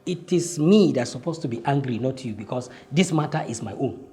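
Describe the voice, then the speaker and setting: A man telling his own life story, acting out heated exchanges with lively swings in voice. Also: mid-range voice, a little fast. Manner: animated, acts out heated exchanges. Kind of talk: personal storytelling.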